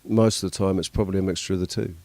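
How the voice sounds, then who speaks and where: A man chatting casually as a podcast host, rambling and halting and swearing now and then. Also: low-pitched, fairly even intonation, darkish tone, dry recording. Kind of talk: casual chat.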